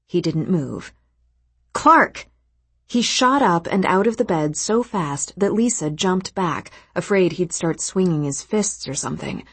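Audiobook narrator, woman, low-pitched husky voice, steady reading. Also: normal speed, hardly any pauses, no room sound. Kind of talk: scripted narration.

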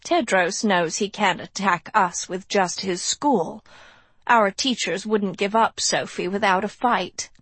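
A woman reading an audiobook, voicing a gentle, fretful older female professor who speaks softly with sighs. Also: mid-range voice, takes it slowly, husky, no echo. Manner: soft, sighing, a little airy.

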